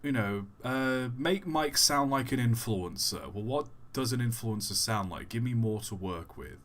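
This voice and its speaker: A young man streaming a game and chatting casually, rambling and correcting himself, then bursting into excited exclamations. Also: medium pitch, a little slow. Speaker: live streamer. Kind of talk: casual live-stream chat while gaming.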